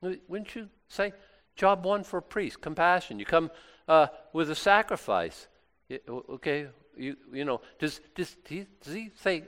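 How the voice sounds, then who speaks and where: A middle-aged pastor preaches a casual, conversational sermon, acting out small asides and laughing now and then. His voice is a little high and a bit bright, and he speaks a little slowly.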